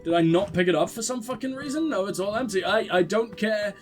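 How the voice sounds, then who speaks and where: Young male gamer, high-pitched, sardonic and profane, casual playthrough commentary over light game music. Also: fairly quick. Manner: sarcastic, swears often. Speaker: let's play gamer.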